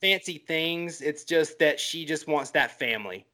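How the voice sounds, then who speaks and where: A man's voice: a little high, unhurried, bright, forceful tone. A man co-hosting a film podcast, rambling enthusiastically with many fillers. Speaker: podcast co-host. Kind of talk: casual film podcast chat.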